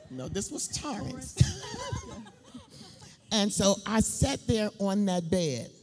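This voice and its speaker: A middle-aged woman giving a personal testimony in church, telling her story slowly and emphatically, laughing between lines. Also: medium pitch, darkish tone. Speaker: church speaker. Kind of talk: sermon testimony. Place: church building. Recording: long hall reverb.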